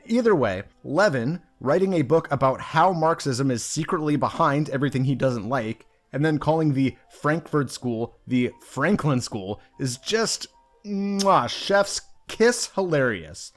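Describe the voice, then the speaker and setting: A man's voice: mid-range voice, expressive, measured pace, few pauses. A young man reviewing a book in a casual commentary video, talking in a sarcastic, mocking way.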